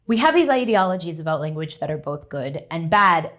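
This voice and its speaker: A woman's voice: deep voice, sing-song, a little fast, fairly bright tone. A young adult woman, a linguistics professor, giving a conversational conference lecture and often checking in with the audience.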